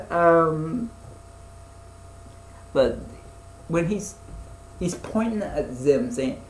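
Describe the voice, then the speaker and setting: A man's voice: on the high side, lively intonation, drawn-out words, reverberant, a little hiss or hum, low-quality recording. A young man chatting casually as a podcast co-host, rambling with lots of fillers, restarts and swearing. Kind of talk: casual chat.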